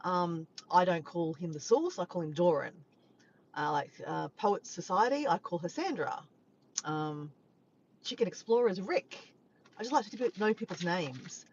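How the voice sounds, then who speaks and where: A woman from Australia with an Australian accent, chatting casually and warmly with live viewers, sometimes breaking into bits of song. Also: on the low side, expressive, measured pace. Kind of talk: casual live-stream chat. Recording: dull lo-fi sound with faint background noise.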